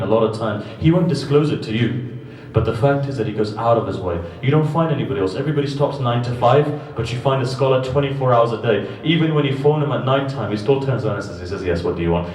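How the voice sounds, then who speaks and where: A man giving a religious sermon to a gathering, telling stories with animated swings between loud emphasis and quiet asides. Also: lowish voice. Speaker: religious lecturer. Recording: echoey hall, distant mic, faint background noise.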